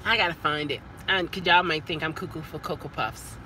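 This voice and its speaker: A woman, chatting casually as a vlogger in a car, animated and stumbling over her words. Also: sits low, slight background noise, low-quality recording. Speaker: vlogger and rideshare driver. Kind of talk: casual chat.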